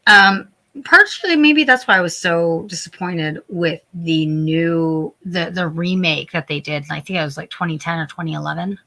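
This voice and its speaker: A woman co-hosting a podcast in casual chat, telling stories in a rambling, animated way with many restarts. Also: lowish voice, normal speed. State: sleepy. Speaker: podcast co-host.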